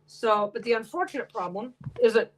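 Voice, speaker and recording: A woman with a slightly high-pitched voice, chatting off the cuff to her stream as she works at her sewing machine at home. She speaks bluntly, rambles, and swears freely. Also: expressive, fairly quick, slight background noise, low-quality recording. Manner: swears a lot, blunt and talkative. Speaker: quilter and livestream host. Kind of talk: casual livestream chat while sewing.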